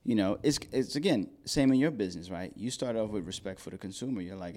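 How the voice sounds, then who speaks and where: A man talks casually as a podcast guest and consultant, swearing freely and doing other people's voices when he quotes them. He speaks fast, with a fairly low, slightly mellow voice.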